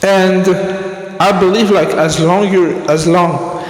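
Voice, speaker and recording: A man who talks in a slow, halting, reflective monologue and often restarts his sentences. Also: high voice, fairly even intonation, slight background noise. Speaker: podcast host. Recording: echoey room with long reverb.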